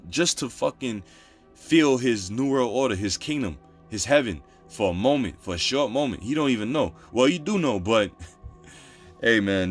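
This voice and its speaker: A man preaching, reading Bible verses and explaining them in loose, repetitive street talk. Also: medium pitch. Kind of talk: scripture teaching.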